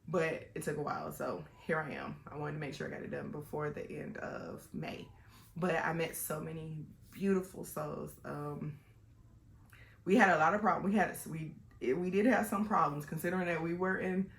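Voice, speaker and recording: A woman talks to her vlog audience in a loose, rambling way, with plenty of "um"s and restarts. Her voice has a rough, gravelly edge, and the room around her echoes noticeably. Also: sits low, a little hiss or hum. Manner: chatty and rambling, with many fillers and restarts. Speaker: vlogger. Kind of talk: personal storytelling vlog.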